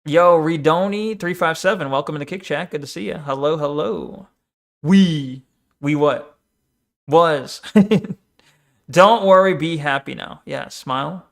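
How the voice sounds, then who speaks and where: A man with a high voice talks casually over a video he is watching. He rambles, mocks and mimics what he hears with a sarcastic edge. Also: measured pace, gravelly. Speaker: streamer reacting to a debate video. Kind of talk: casual reaction commentary.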